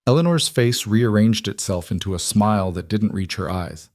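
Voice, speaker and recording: A man reads a scripted story at a steady, even pace. His voice sits low and the sound is dry and close. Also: moderate pace, few pauses, no room sound. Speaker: narrator. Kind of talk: scripted narration.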